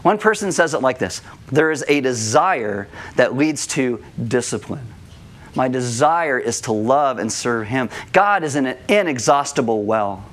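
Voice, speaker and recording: A man preaching a sermon as pastor, telling stories with lively acted-out voices. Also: medium pitch, measured pace. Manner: animated storytelling, acts out kids' voices. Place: church room.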